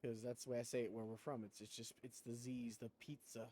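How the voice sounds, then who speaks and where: A man's voice: mid-range voice, flat delivery, fast, warm tone, slight background noise. A man streaming a game, chatting casually with viewers in a rambling way and laughing often. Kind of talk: casual chat while gaming.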